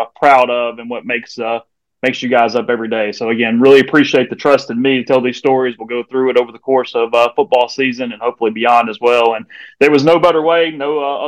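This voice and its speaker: A man's voice: mid-range voice, low-quality recording. A man hosting a podcast interview and wrapping up the show in an upbeat, promotional way, with fillers. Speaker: podcast host.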